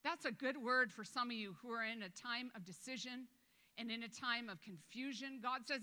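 A woman pastor preaching a sermon in a church, conversational, quoting scripture and breaking into quick asides. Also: on the high side, sharp tone. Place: church sanctuary with a balcony. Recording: long hall reverb.

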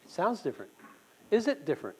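His voice is high, a little mellow with a breathy edge, swooping wildly in pitch as he speaks quickly. This man, who just had a tooth pulled, gives an earnest conversational sermon at a church meeting, asking the audience questions directly. The recording is low quality.

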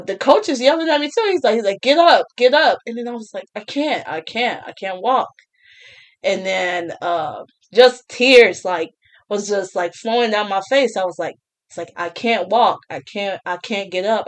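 Young woman, casual storytime, chatty, laughs a lot, halting restarts. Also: medium pitch. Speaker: vlogger.

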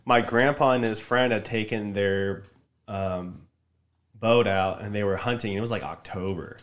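A man's voice: lowish voice, unhurried. Casual man telling a story. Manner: animated, loud when acting out shouted lines.

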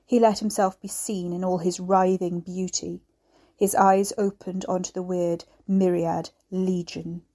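A woman reads her own dark novel aloud in a measured, steady storytelling voice. Her tone is warm and mellow. She gives the grim scenes calm, even weight. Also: lowish voice. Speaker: author reading her novel. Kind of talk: audiobook narration.

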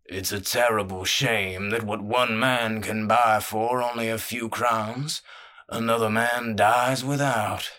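Storybook heavy: man doing an enormous bald gangster, slow, deep, friendly-dangerous, even delivery. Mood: silkily menacing. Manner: slow, rumbling, genial menace. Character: huge bald crime boss, cheerful and menacing. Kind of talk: audio drama narration.

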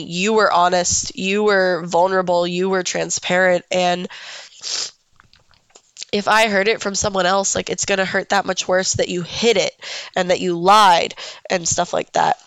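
A woman's voice: on the low side, a bit bright, smooth, no echo. A young woman hosting a solo podcast, congested and a bit emotional, talking candidly with many fillers and some swearing. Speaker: podcast host.

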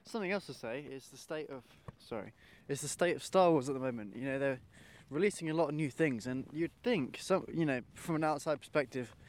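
A man's voice: medium pitch, expressive, a little fast, few pauses, slight background noise. A young man co-hosting a podcast in easygoing, agreeable chat, steering the talk onward. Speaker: podcast co-host. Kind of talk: casual chat.

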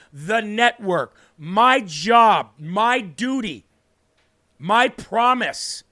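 A man's voice: high voice, pushed and bright. A man hosting a Christian talk show, speaking to viewers with emphatic, preachy conviction and answering their comments. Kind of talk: impassioned faith talk to viewers.

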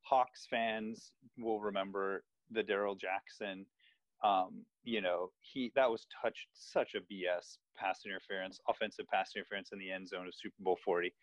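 A podcast co-host in casual chat, an animated, self-mocking sports fan. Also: low-pitched, moderate pace, dry recording.

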